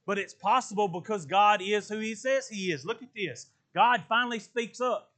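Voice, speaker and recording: A male preacher giving an emphatic sermon in an unusually high, bright voice. He talks in plain colloquial speech and moves between loud exclamations and low, earnest stretches. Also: moderate pace.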